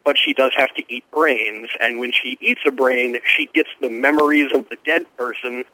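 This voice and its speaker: A man who is a guest TV critic, giving quick, informed and enthusiastic answers in a radio interview. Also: medium pitch, pushed and bright, low-quality recording.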